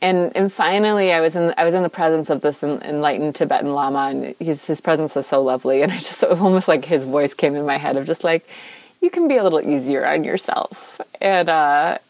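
Low-voiced woman musing on yoga. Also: steady tone, fast talker, hardly any pauses, a little mellow, dry recording, rough recording. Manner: informal, many fillers and restarts. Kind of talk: reflective spiritual monologue.

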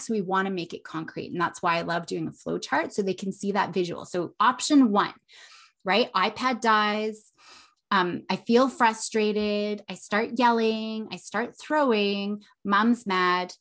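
A woman hosting an educational podcast, teaching parents emotion skills and acting out children's lines, often asking "right?". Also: medium pitch. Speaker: podcast host and child therapist.

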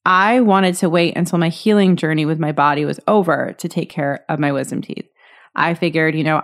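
A woman in her thirties hosting a solo podcast, telling a personal story in a candid, chatty way with lots of fillers and restarts. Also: lowish voice. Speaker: podcast host.

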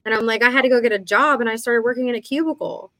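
A woman's voice: a little high, fast, pushed and bright, dry recording. A woman in her thirties co-hosting a casual podcast, telling stories and acting out past conversations. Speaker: podcast co-host. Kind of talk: casual chat.

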